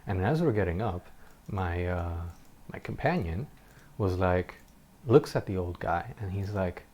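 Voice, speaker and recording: A man's voice: sits low, animated, measured pace, a little mellow. A man doing gameplay commentary, telling a personal story in an earnest, reflective way, often stopping and restarting his sentences. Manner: occasional short laughs while telling a story.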